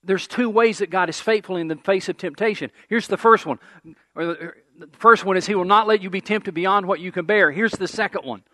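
A male pastor with a high, sharp voice preaches a sermon, repeating key phrases and slowing down to stress scripture. He leads the congregation in call-and-response, and the recording is dry.

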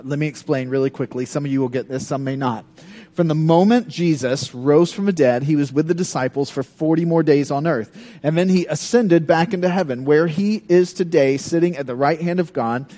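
A man preaching a sermon in a conversational, animated way, breaking into dramatic scripture readings. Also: mid-range voice. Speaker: pastor.

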